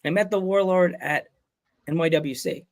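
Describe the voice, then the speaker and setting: A man chats as a podcast host, wandering from joke to joke. His voice sits a little high and has a gravelly fry to it. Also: moderate pace. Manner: rambling, jokey storytelling. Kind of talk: casual chat.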